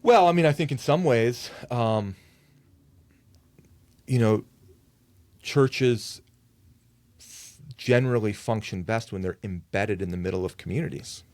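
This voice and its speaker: A man who is a lead pastor, talking as a guest on a podcast in a thoughtful, measured way with frequent fillers. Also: fairly low pitch, darkish tone, no echo. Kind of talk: conversational podcast interview.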